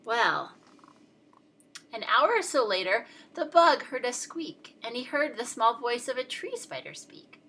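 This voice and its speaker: A woman reading a children's picture book aloud, playful and expressive, talking to young listeners. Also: fairly high pitch, unhurried, breathy edge, rough recording.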